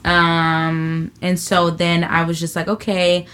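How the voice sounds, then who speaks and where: Brief: low-pitched woman, comedian guest, animated and salty storyteller. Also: slow, clear, resonant tone. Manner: animated storyteller, profane, acts out quotes. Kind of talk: casual interview chat.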